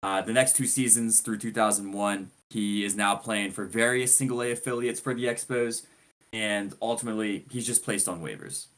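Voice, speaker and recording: A laid-back male co-host runs through a sports story, joking as he goes. His voice sits a little low, and the delivery stays easy and conversational. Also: moderate pace, a bit bright. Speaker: podcast co-host. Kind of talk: casual sports chat.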